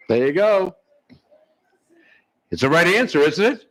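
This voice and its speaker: Insistent older man, lively pitch. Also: measured pace, noisy background. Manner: confident, repeats himself insistently. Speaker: guest commentator. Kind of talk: casual wrestling watch-along chat.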